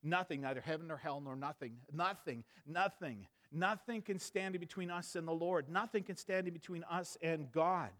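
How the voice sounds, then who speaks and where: A man in his thirties preaching a sermon, moving between quiet storytelling and fervent emphatic preaching. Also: fairly high pitch, moderate pace, hardly any pauses. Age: 30s.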